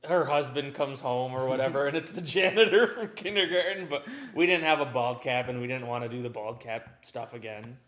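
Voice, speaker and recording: A man co-hosting a casual live-stream chat, low-key and dry in his humor. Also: brisk, few pauses, fairly bright tone. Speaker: co-host. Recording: roomy echo.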